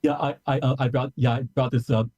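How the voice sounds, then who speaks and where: A man's voice: mid-range voice, level tone, brisk, darkish tone. A man calling in as a guest, flustered and stammering as he repeats himself while defending his timeline. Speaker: accused guest. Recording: muffled, dull call audio.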